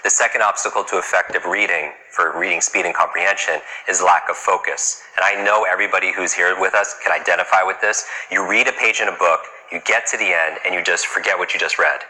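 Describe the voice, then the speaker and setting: A man speaks in a deep register with a sharp, strongly bright edge. He coaches a live crowd on reading in a brisk, punchy style. He keeps throwing rhetorical questions at them. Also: steady tone, low-quality recording. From New York. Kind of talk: motivational talk to a live audience.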